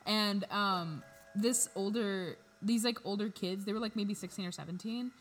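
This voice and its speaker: A woman's voice: mid-range voice, normal speed, a little hiss or hum, low-quality recording. A woman co-hosting a podcast in casual chat, telling stories and stating firm opinions. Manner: storytelling, opinionated, swears casually. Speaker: podcast co-host.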